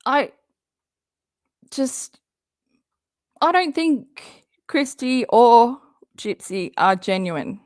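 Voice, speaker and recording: A woman's voice: on the high side, lively intonation, very slow, pauses often, a little mellow, no room sound, studio quality. A woman hosting a live stream of drama commentary. She talks bluntly and heatedly, swears freely, and reads viewer comments from the chat.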